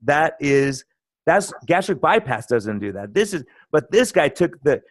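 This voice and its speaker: A middle-aged man talks like a doctor swapping stories, his voice sitting at an ordinary middle pitch. He acts out quoted patients with animated energy. The sound is dry and close, with no room around it. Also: brisk, no echo. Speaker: internal medicine doctor, guest. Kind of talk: casual interview chat.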